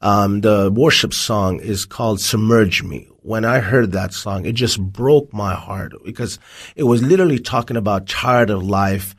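A man's voice: on the low side, unhurried, husky. A man giving a personal testimony as an interview guest, telling his story vividly. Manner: vivid storytelling, acts out dialogue.

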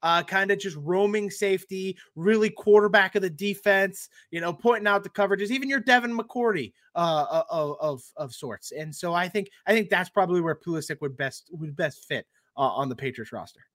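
Guy with a high voice, dry close sound, thinks it through before answering. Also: fairly quick, hardly any pauses, a bit bright, no echo. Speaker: podcast guest. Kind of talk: casual sports chat.

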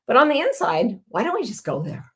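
A woman's voice: on the high side, wildly swooping pitch, fairly quick, a bit bright. A woman hosting her weekly show, talking casually and intimately to her audience about awakening. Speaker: host. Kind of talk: casual spoken reflection to an online audience.

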